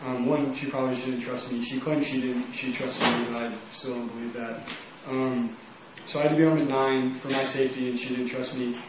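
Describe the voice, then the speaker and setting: A young man from Texas tells his own story in a loose, rambling way, leaning on "like" again and again. His voice sits at an ordinary pitch for a man. He is heard from some distance in a very echoey room, with faint noise behind him. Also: flat delivery, brisk, hardly any pauses. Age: young adult. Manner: casual, rambling, heavy use of "like". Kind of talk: personal testimony.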